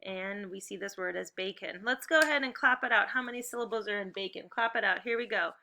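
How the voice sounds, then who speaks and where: A woman teaching first graders a phonics lesson on video. She calls out slow, clearly enunciated drill prompts and gives encouraging, upbeat praise. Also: mid-range voice, sharp tone, slight background noise.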